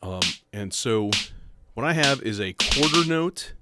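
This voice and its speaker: A man's voice: mid-range voice, lively intonation, unhurried. A man hosting a casual livestream about modular synths, rambling and self-interrupting as he talks. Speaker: livestream host. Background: faint synth music.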